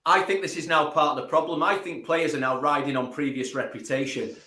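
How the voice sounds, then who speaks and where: A man's voice: a little high, steady tone, brisk, echoey room, a crowd in the background. A man in a casual football fan chat, blunt and sweary. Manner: blunt and sweary, reads viewer comments. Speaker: fan panellist.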